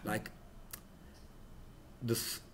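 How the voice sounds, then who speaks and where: A young rabbi preaching at a farbrengen, emotional, building to loud emphatic peaks and mixing in Hebrew and Yiddish words. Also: male voice, drawn-out words, slight background noise. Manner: mixes in Hebrew and Yiddish terms. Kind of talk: sermon at a farbrengen gathering.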